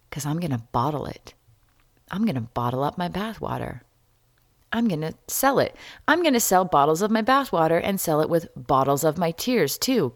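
A woman hosting a solo podcast, talking candidly and wryly, jumping between loud jokes and quiet asides. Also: lowish voice, dry recording, studio quality. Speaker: podcast host.

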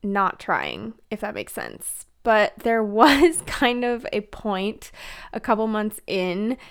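A woman's voice: mid-range voice, sing-song, takes it slowly, smooth. A young woman hosting a podcast, talking casually and chattily with fillers and giggles, a bit out of breath. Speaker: podcast host. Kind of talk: casual solo podcast talk.

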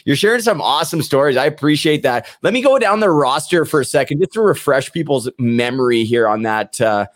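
A man's voice: mid-range voice, expressive, brisk, few pauses, dry recording, clean studio sound. A man hosting a podcast in casual chat, enthusiastic and casually swearing. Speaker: podcast host.

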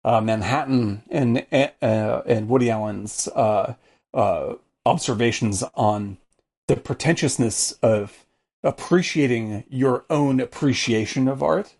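A man co-hosting a casual film podcast, talking in an animated way with lots of "like"s, swearing and laughter. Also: mid-range voice, slow. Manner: animated, profane, laughs often, many "like"s. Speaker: podcast co-host.

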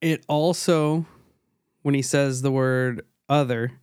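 A man's voice: medium pitch, steady tone, slow pace, a little mellow, clear, resonant tone, dry recording, clean studio sound. A man co-hosting a podcast, talking through a recording in a casual, analytical way, with restarts. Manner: analytical, pointing out details, with restarts. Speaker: podcast co-host. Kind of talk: casual chat.

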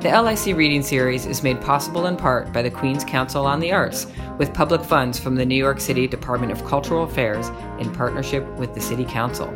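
Very low-voiced woman host over music. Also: brisk, hardly any pauses. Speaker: podcast host. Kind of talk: scripted show outro and credits. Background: theme music.

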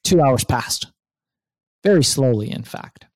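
A middle-aged man telling a lively story as an interview guest, acting out his own thoughts and swearing freely. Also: medium pitch, measured pace, dry recording. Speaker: guest entrepreneur. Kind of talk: animated storytelling in conversation.

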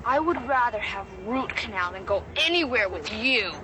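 An actress playing a sharp-tongued teenage outcast girl brushing off a boy in a TV clip. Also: a little high, animated, normal speed, noisy background, lightly acted. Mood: scornful. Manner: curt, scornful retorts. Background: music.

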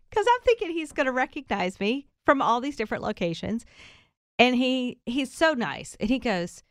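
Animated woman telling a funny story. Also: a little high, unhurried, no room sound, studio quality. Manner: animated, laughing, acts out quoted lines. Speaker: radio show co-host. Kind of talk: casual storytelling chat.

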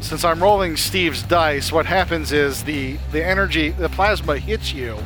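A man's voice: on the high side, unhurried, over music. A man as game master narrating a tabletop game in a rambling style full of fillers.

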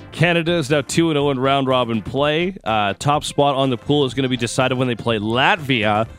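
A man's voice: medium pitch, a bit bright, faint music behind. A man co-hosting a sports radio show, running through scores in a casual, joking way. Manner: quick sports rundown, joking. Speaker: sports report co-host.

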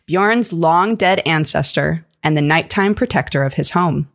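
A woman's voice: low-pitched, unhurried. A woman guest on a podcast, narrating a story in a dramatic, playful way.

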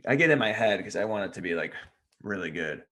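A man's voice: on the low side, animated, fast, fairly bright tone. A man co-hosting a podcast, teasing his friend and telling dry, rambling stories in casual banter. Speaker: podcast co-host.

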